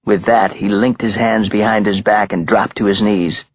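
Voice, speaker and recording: Deep husky male audiobook narrator. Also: little pitch movement, normal speed, dry recording, muffled recording. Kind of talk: scripted narration.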